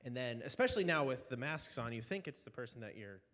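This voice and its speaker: A man's voice: mid-range voice, big pitch swings, fast talker, fairly bright tone, long reverb tail. A man who is a student pastor, telling funny stories in playful banter on a church live stream. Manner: playful storyteller.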